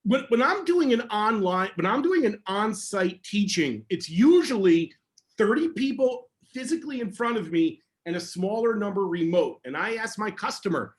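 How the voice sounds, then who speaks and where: High-pitched guy talking fast and excited on a call, jumps all over in emphasis. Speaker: security educator answering audience questions. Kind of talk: casual online AMA talk.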